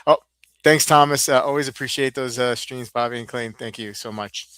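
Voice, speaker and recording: A man from the Northeastern United States hosting a podcast, rambling in a halting way and reading out viewer comments. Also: medium pitch, fairly even intonation, a bit bright, smooth. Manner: rambling, halting, many restarts. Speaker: podcast host.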